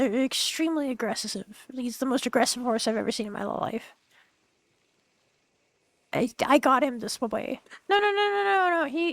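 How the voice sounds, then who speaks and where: A woman's voice: high voice, creaky, no echo. A woman playing a young orphan street thief in a western game roleplay, chatty and stammering with many restarts. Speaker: roleplay streamer.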